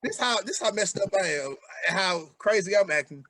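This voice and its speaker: A man's voice: high voice, expressive, moderate pace, pushed and bright. A man in his forties co-hosting a podcast, chatting casually in a laid-back way. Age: 40s. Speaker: podcast co-host. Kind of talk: casual chat.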